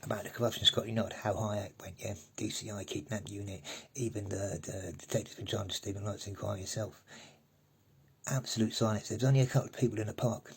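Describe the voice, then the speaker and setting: A man's voice: fairly low pitch, fairly even intonation, quick pace, creaky, breathy edge, low-quality recording. A man, talking straight to camera in a sweary, rambling rant and tagging "yeah?" onto his sentences. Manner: sweary, ranting, repeats "yeah?". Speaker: vlogger. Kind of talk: angry rambling monologue.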